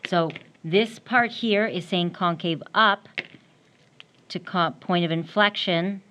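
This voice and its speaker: A woman's voice: on the low side, slow, bright, forceful tone. A woman math teacher giving a classroom lecture, explaining step by step while she draws and often checking in with "right?".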